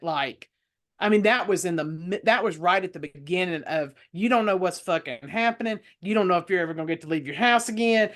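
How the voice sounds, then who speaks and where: High-pitched male panelist, loose rambling chat. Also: a bit bright. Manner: rambling, swears casually. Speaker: panelist on a wrestling talk show. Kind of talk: casual chat.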